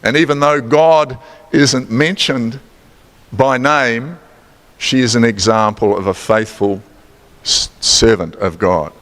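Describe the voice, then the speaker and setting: A man's voice: mid-range voice, slow, fairly bright tone. A man with a New Zealand accent preaching a sermon in a chatty, playful way, quizzing the congregation and adding teasing asides. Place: church sanctuary. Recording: long church hall reverb.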